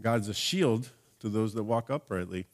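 A man's voice: on the low side, moderate pace. A man preaching a sermon, reading scripture and asking his listeners rhetorical questions in an earnest way. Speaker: pastor.

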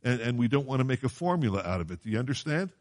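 A man's voice: medium pitch, big pitch swings, very fast, darkish tone. A man preaching a Bible sermon in a conversational way, often asking his listeners questions and quoting scripture in old-fashioned wording. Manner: conversational, asks the congregation questions.

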